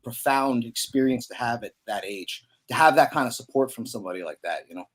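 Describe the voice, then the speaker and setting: A man's voice: medium pitch, animated, a little fast. A man in his thirties from Pennsylvania, a musician guest telling stories in a loose, chatty way full of fillers and slang. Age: 30s. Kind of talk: casual storytelling.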